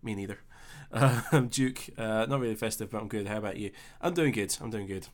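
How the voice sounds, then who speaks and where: A young man with a Scottish accent hosting a casual live stream, chatting easily and reading out viewer comments with relaxed filler pauses. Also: on the low side. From Scotland. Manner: chatty and easygoing, thinking aloud with filler pauses.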